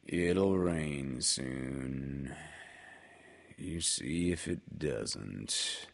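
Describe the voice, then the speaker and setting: A man voicing a gloomy old male donkey who speaks slowly, low and sighing, in a storybook reading. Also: expressive, gravelly, heavily acted. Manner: slow, low, sighing delivery.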